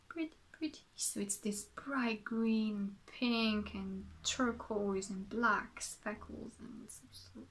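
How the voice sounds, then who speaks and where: A woman's voice: mid-range voice, fairly bright tone. A woman from France with a French accent, chatting casually as a podcast host, rambling and correcting herself as she goes. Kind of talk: casual show-and-tell chat.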